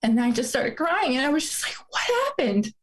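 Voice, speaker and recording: A woman's voice: high-pitched, fast, poor audio. A woman in her forties telling a painful personal story, fighting back tears as she speaks. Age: 40s. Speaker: guest.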